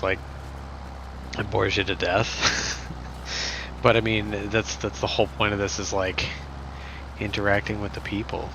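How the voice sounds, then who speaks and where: A man's voice: on the low side, noisy background. Rambling, joking male streamer. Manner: rambling and joking, heavy fillers. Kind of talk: casual stream chat.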